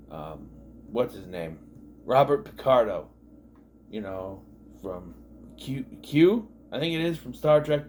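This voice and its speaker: A man's voice: mid-range voice, a little mellow, slight background noise. A man in his thirties giving a casual episode recap, rambling and sarcastic, full of fillers and asides. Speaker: TV show reviewer.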